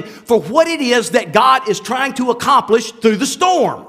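With a very high, expressive, fairly bright voice, a pastor preaches at normal speed with hardly any pauses. His sermon is conversational, full of asides and restarts, and he frequently asks the congregation rhetorical questions.

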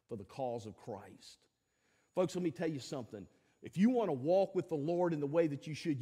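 A man's voice: a little high, warm tone, in a large hall. A male pastor, preaching a sermon in a conversational, folksy way with fillers and emphatic peaks.

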